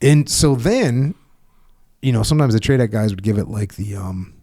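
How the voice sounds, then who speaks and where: A man's voice: lowish voice, animated, moderate pace, mellow. A middle-aged man hosting a podcast, telling stories casually and acting out quoted voices with emphasis. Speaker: podcast host. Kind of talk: casual conversational storytelling.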